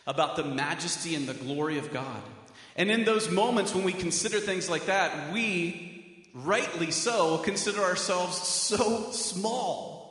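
A man's voice: a little high, fairly bright tone. A man preaching a sermon as pastor, earnest, stressing his questions with a rising voice. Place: church sanctuary with a mural. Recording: echoey hall.

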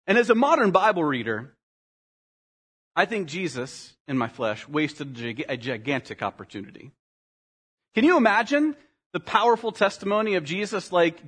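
A man preaching a sermon as pastor, animated, climbing to emphatic highs and sinking to quiet, earnest lines, with quick acted asides for people in the story. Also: breathy edge. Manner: animated, rising to emphatic peaks and dropping to quiet.

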